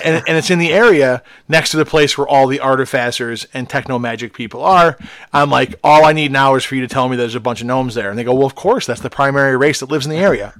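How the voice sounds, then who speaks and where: A man's voice: mid-range voice, fairly bright tone, dry recording. Male co-host, chatty, loose, restarts a lot, dry close-mic sound. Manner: rambling, with many restarts and fillers. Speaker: podcast co-host, module writer. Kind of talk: casual chat.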